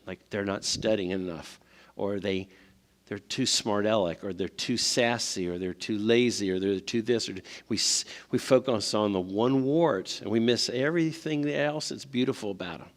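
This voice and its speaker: A man speaking at a parent seminar, telling stories and asking the audience questions. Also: fairly low pitch. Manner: conversational, asks the audience questions. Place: church hall. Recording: long hall reverb.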